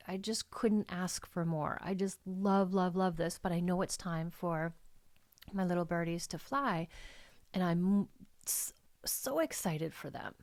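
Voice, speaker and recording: A woman's voice: fairly low pitch, darkish tone, no room sound. A middle-aged woman hosting her own podcast, talking in a heartfelt, emotional and rambling way, full of "like"s. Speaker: life coach and podcast host. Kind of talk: personal podcast monologue.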